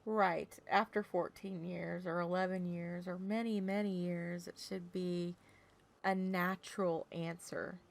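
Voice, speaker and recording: Woman, casual chat, chatty storyteller, gravelly, frequent laughter. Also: on the low side, measured pace. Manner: chatty storyteller, laughs often, animated asides. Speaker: livestreamer chatting with viewers.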